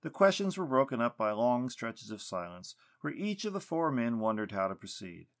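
A man narrating a story in an expressive reading style. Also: mid-range voice, normal speed.

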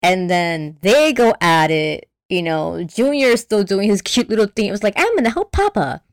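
A woman's voice: on the low side, animated, moderate pace, clear, resonant tone, dry recording, studio quality. A woman in casual chat, retelling a film plot with lots of energy, acting out the characters' lines and swearing freely.

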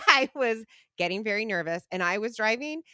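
A bright, lively woman in her thirties co-hosts a casual podcast chat, spinning a story with lots of laughter. Her pitch leaps around as she talks, and the sound is close and dry. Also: moderate pace, clean tone, no room sound. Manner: animated storytelling with frequent laughter. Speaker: podcast co-host.

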